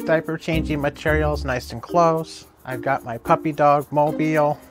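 A man's voice: fairly high pitch, steady tone, moderate pace. Earnest man in a documentary clip over music. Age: 30s. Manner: earnest, matter-of-fact, proud. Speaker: documentary interviewee. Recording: clip played with music behind. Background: background music.

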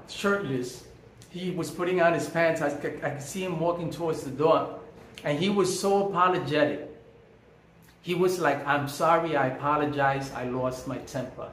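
A man telling a personal story as a monologue, emphatic and preachy, repeating phrases for effect. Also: on the high side. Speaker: vlogger. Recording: echoey room, faint background hum.

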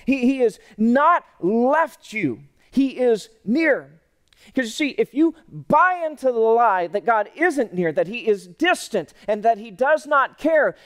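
Man, preaching online, high voice, folksy and joking, loud then hushed. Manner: swings from loud emphatic lines to hushed tender ones; folksy and humorous, full of restarts. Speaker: pastor. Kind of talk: online sermon.

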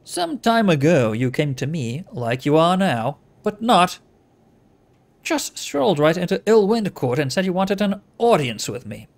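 A man voicing a sly, withered old male tiefling fence who leans on a crutch, mocking and quick to anger. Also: on the high side, big pitch swings. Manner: menacing, mocking, flares into fury.

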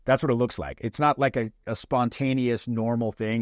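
A man's voice: mid-range voice, dry recording. Guy giving dating advice, blunt and sweary, dry close sound, acts out little lines. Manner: blunt and profane, acts out quick mock lines. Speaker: dating coach. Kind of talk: casual coaching talk.

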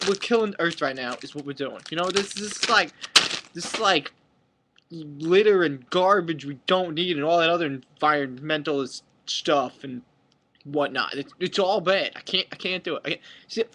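A man's voice: a little high, pushed and bright, slight background noise. A young man vlogging a mock-angry comic rant to camera, exaggerated and sweary.

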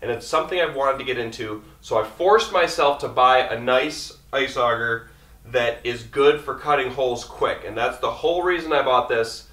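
A man's voice: mid-range voice, bright, forceful tone, far from the mic. Rambling man in an echoey room. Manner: quick, rambling, talking fast on coffee. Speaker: outdoor vlogger. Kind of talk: casual gear walkthrough. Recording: echoey room, mic set back.

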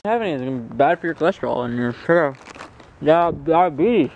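A man's voice: medium pitch, animated, racing, vocal fry, dull audio, soft background music. A man chatting casually in a travel vlog, joking with family and talking to the camera. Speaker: vlogger.

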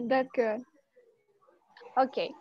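High-voiced woman teaching an English class. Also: extremely slow, husky, dull audio, soft background music. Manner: lively, switches to Spanish to explain; asks students many short questions. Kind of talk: online class with students.

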